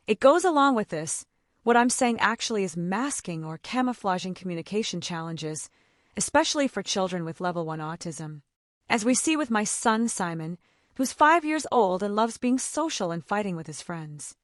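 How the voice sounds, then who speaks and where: A woman's voice: mid-range voice, lively intonation, moderate pace, no room sound, clean studio sound. A mother of autistic children giving casual advice, chatty and full of "like", acting out the conversations she describes. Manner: chatty, fills speech with "like", acts out quoted dialogue.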